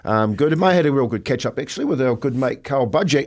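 A man co-hosting a breakfast radio show, chatting in a relaxed, easygoing way. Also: medium pitch, a little fast. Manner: laid-back, chatty, easy filler-heavy banter. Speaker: radio co-host. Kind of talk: casual chat.

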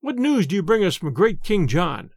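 A cheerful, quick-witted shepherd speaks with hearty confidence, his voice bright and lively, as a male reader puts him on. Close, dry sound. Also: sits high, gravelly, no room sound, full character voice. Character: cheerful clever humble shepherd.

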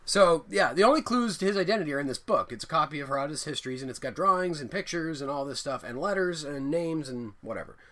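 Man, podcast co-host, bright tense voice, high-ish pitch, rambling casual chat, swears a lot. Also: fast, hardly any pauses. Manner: animated, rambling, swears, laughs often. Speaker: podcast co-host reviewing films.

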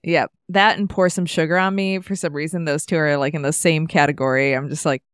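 A woman hosting a podcast, asking questions in a relaxed, conversational way and laughing often. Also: deep voice, fairly quick, smooth, dry recording, studio quality. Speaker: podcast host. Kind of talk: casual interview.

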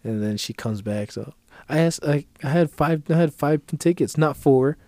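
A man's voice: a little high, moderate pace, no room sound. Profane man telling a rant story. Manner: profane, animated retelling, acting out quotes in a raised voice. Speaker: podcast co-host. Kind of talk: casual storytelling chat.

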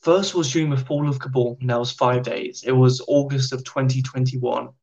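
A British man, a podcast guest, telling stories in a chatty, animated way. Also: medium pitch, normal speed, highs cut off. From Britain. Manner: chatty, animated anecdotes with slang. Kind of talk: casual storytelling.

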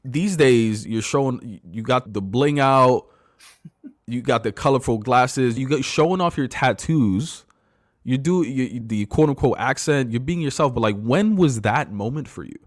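A male podcast host with a mid-pitched voice, speaking loosely and thoughtfully and mixing in slang. The recording is dry and close, with no room echo. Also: unhurried. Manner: casual, reflective, slangy. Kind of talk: podcast interview conversation.

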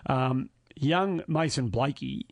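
Australian man, blunt footy opinions, mid-pitched, dry close mic. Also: slow, vocal fry, dry recording. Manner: blunt, matter-of-fact opinions. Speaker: podcast co-host. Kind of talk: casual footy chat.

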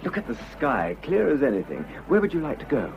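An actor playing an unhappily married man who confesses his love, earnest and halting, in a vintage radio drama. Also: medium pitch, huge pitch swings, creaky, faint music behind. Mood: earnest pleading. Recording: dull lo-fi old radio recording.

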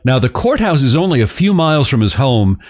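A man's voice: mid-range voice, big pitch swings, a little fast, darkish tone. A man hosting a podcast, telling a story in a casual, joking way. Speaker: podcast host.

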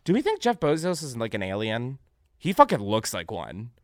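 Animated sarcastic young male podcast host. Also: medium pitch, normal speed, no room sound, studio quality. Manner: animated, sarcastic, swears freely, breaks into laughter. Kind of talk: casual comedic news chat.

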